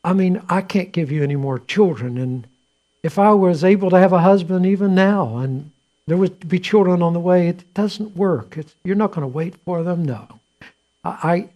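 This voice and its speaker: A man's voice: high voice, mellow, highs cut off. A man voicing a grieving older widow who firmly and lovingly sends her daughters-in-law home, as a quoted figure in a sermon. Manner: pleading, earnest storytelling.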